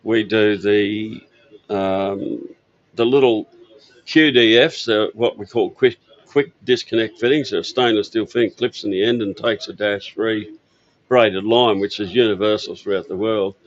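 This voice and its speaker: Speaking a little slowly in a steady, lowish voice, an older man from Australia rambles through stories about his parts business with lots of fillers. It's a casual interview at an outdoor expo stand, and the audio comes across muffled.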